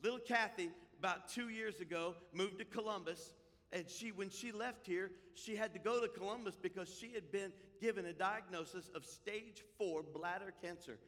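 A man preaching a sermon as pastor, impassioned, swinging between loud proclamations and hushed storytelling. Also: high voice, moderate pace, long reverb tail.

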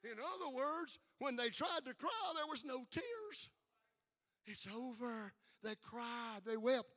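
An older man preaches with a very high, bright, cutting voice. He moves from quiet, personal asides to shouted peaks and calls for answers from the room. The sound carries a long reverb. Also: lively intonation, slow pace. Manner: fiery call-and-response preaching with shouted peaks. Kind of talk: sermon. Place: church sanctuary with congregation. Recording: live hall with long reverb.

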